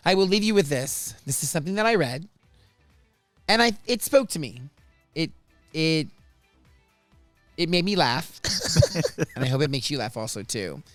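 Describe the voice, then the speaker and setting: A man hosting a podcast, telling stories from his life in a chatty, animated way. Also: on the high side, moderate pace, pauses often, no echo, soft background music. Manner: chatty, animated, restarts and laughs often. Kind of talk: casual storytelling chat.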